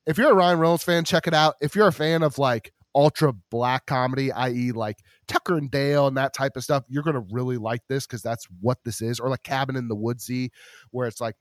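A man's voice: mid-range voice, fairly even intonation, a little fast, no echo, clean studio sound. A man hosting a podcast, chatting enthusiastically and rambling with many restarts. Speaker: podcast host. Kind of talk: casual chat.

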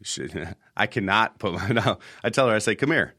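Deep-voiced man hosting a casual podcast. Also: normal speed, pushed and bright, no echo, clean studio sound. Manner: rambling storyteller, repeats words. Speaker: podcast host.

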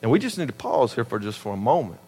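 A man in his thirties with a Southern US accent, preaching a sermon in an animated, emphatic and conversational way. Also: medium pitch, fast talker, slightly rough, in a large hall. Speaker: pastor.

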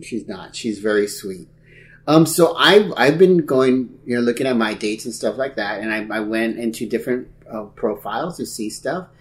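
A man's voice: mid-range voice, normal speed. A man co-hosting a casual podcast chat, telling stories animatedly and acting out what people said. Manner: animated storyteller who acts out quotes. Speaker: podcast co-host.

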